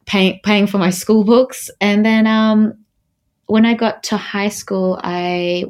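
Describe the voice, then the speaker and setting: A young Australian woman from Melbourne chats as a guest model in a casual interview, full of fillers and restarts and quick to laugh. Her medium-pitched voice is steady, slow and a little mellow, with slight background noise.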